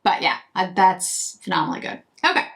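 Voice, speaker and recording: A woman's voice: lowish voice, animated, fairly quick, vocal fry, fairly bright tone. A woman beauty vlogger chatting casually to camera while doing her makeup, rambling and breaking off mid-sentence. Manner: chatty, rambling, self-interrupting.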